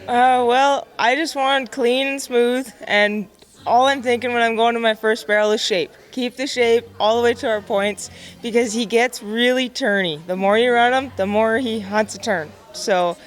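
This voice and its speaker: A young woman, a barrel racer and horse trainer, answering in an emotional, modest, halting way. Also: fairly high pitch, fairly even intonation. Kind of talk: casual interview answers.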